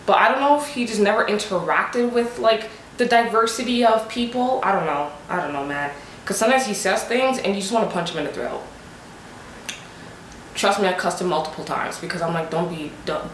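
A woman's voice: on the low side, a little hiss or hum. Young woman ranting through a storytime, emphatic, lots of "like, what?", echoey room. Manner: animated, emphatic, full of rhetorical questions. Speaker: vlogger. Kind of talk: storytime vlog. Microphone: desk USB microphone. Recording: roomy echo.

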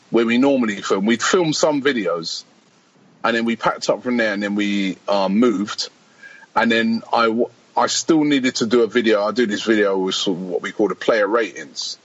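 A man's voice: medium pitch, slightly rough, dull audio. A man, a podcast guest chatting casually and rambling through stories, quoting people as he goes. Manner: rambling storyteller, quotes people, laughs often. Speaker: podcast guest, fan channel founder. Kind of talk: casual chat.

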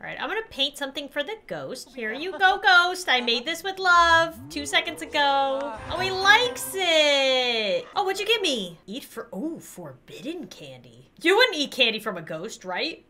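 A young woman doing playful, excitable commentary while playing a game. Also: sits high. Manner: excitable, playful, quick reactions. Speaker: gaming YouTuber. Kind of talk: let's play commentary.

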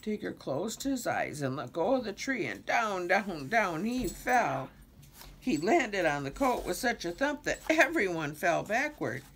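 An older woman slowly reading a children's storybook aloud, with a lot of expression. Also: lowish voice, slight background noise. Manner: slow, expressive reading with many character voices. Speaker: storybook reader.

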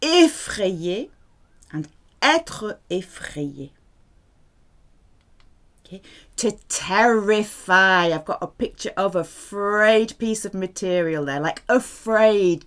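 A woman teaching French vocabulary, speaking patiently and repeating words with careful pronunciation. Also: medium pitch. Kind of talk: vocabulary lesson.

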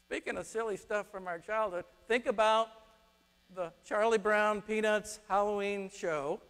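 A man preaching a sermon, telling stories with lively acted-out quotes. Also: sits high, measured pace, clean tone. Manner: animated storytelling, acts out quotes. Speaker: pastor. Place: church sanctuary. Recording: long reverb of a church hall.

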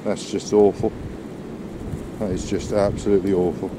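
Low-voiced man, breathless on a windy coast. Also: level tone, normal speed. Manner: plain-spoken, talks to his dog. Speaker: vlogger walking his dog. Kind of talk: casual walking vlog. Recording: wind noise on the mic outdoors.

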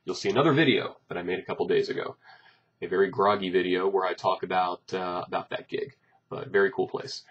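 A man, a bassist, chatting casually to his followers about upcoming gigs, rambling and joking with many fillers. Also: steady tone, brisk, a bit bright, slightly rough, highs cut off. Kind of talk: casual chat to camera.

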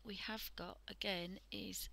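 Hosting her art livestream, the British woman chats in a soft, frequently half-whispered way full of fillers while she draws. Her mid-range voice carries vocal fry, fairly even intonation, and an unhurried pace, and the recording is low quality.

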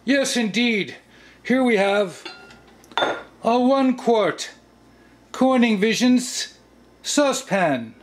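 A man's voice: extremely high pitch, expressive, extremely slow, pauses often, slight background noise. A man hosting a home cookware test vlog, who talks playfully to the pan as if it were a person. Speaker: channel host.

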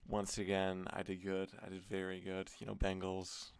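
A man's voice: low voice, completely flat delivery, moderate pace, vocal fry, clear, resonant tone, no room sound. A man streaming an online gambling session, swearing and muttering in exasperation at his losses. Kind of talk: casual gambling commentary.

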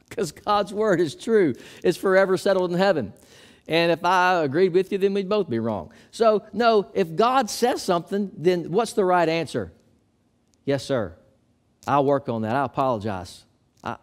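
Man, pastor, sermon, emphatic preaching, slightly high pitch. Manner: preaching with rising emphasis and quoting scripture.

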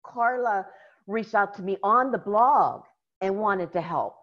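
An American woman, a guest in a casual interview, telling stories in an animated way and laughing often. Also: medium pitch, a little slow, highs cut off. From United States.

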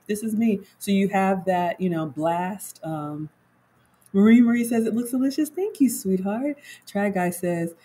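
A woman's voice: fairly low pitch, warm tone, slightly rough, poor audio. A woman home cook chatting casually on a livestream, walking viewers through her cooking and reading their comments aloud.

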